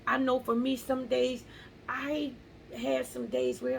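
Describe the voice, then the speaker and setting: A woman's voice: sits high, little pitch movement, slow pace, vocal fry, slight background noise, poor audio. A woman vlogger speaking earnestly about faith and pressing on, repeating key phrases for emphasis. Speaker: motivational vlogger. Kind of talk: casual faith-based encouragement.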